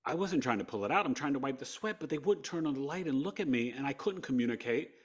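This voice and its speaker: Animated man telling a personal story. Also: medium pitch, fast talker, husky. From New York. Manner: animated, swings between hushed and loud, re-enacts dialogue. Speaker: podcast guest.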